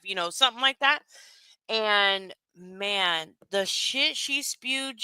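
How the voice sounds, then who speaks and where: Bright, clear-voiced woman gossiping on stream. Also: medium pitch, animated, unhurried, dry recording. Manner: chatty, gossipy, laughs often, lots of fillers. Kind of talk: casual stream chat.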